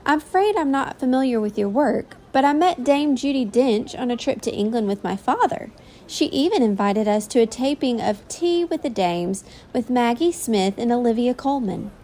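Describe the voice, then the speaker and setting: Brief: earnest, polite AI field reporter, slightly high, woman plays it. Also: animated, moderate pace, dark tone, a little hiss or hum. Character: polite AI assistant reporter, female.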